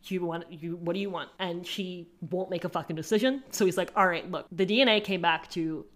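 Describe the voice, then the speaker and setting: A woman co-hosting a casual true-crime podcast, retelling events in an animated way, acting out the people involved and swearing freely. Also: on the low side, fairly quick. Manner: animated storytelling, acting out quotes, profane. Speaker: podcast co-host.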